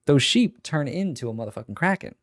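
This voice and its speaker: A man's voice: a little high, sing-song, a little fast. A man co-hosting a podcast in casual chat, teasing his partner with playful banter. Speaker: podcast co-host.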